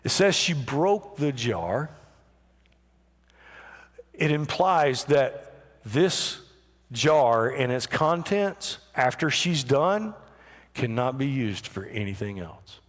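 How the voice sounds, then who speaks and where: Male pastor, slow emphatic sermon, church hall reverb. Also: mid-range voice, animated. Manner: emphatic preaching, swings from hushed to raised. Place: church sanctuary.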